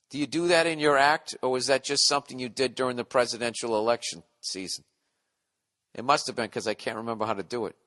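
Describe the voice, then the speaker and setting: A middle-aged man hosts a solo podcast and rambles through profane, sarcastic rants. His voice runs fairly high and comes across bright and forceful. He reads listener mail aloud and pokes fun at himself as he goes. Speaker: podcast host.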